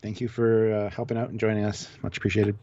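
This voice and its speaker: Low-voiced man on a dull, dry call line. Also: little pitch movement, fast, mellow. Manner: joking, reads out viewer donations. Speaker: co-host of a live review stream. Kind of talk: casual live discussion.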